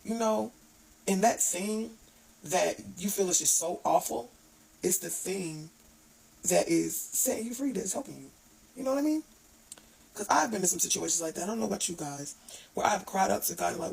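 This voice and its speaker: A woman's voice: mid-range voice, vocal fry, a little mellow, breathy edge, poor audio. A woman giving an earnest, informal devotional talk, with restarts and stumbles over her words. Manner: reads scripture aloud haltingly. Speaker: online devotional speaker.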